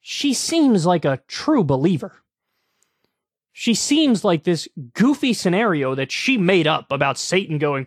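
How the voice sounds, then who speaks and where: A man hosting a political commentary show, talking casually with sarcastic, mocking, animated rants. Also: high voice, unhurried, no echo, clean studio sound.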